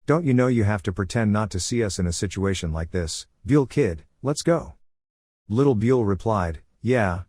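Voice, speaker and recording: Lowish man reading a manhwa recap. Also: darkish tone, dry recording, clean studio sound. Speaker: narrator.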